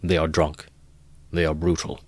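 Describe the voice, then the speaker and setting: A man voicing a weary father who speaks quietly and flatly. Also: a bass voice, moderate pace, no echo. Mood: resigned. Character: weary father, calm and resigned.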